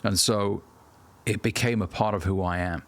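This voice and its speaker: Blunt, profane low-voiced male coach. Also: fairly even intonation, moderate pace. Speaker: dating and self-improvement coach. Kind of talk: direct-to-camera advice talk.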